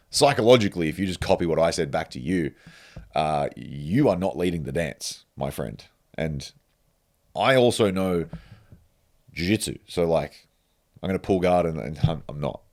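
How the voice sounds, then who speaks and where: A low-voiced man hosts a podcast in casual chat. He tells an animated story, swearing freely and breaking into laughter as he goes. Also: normal speed. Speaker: podcast host.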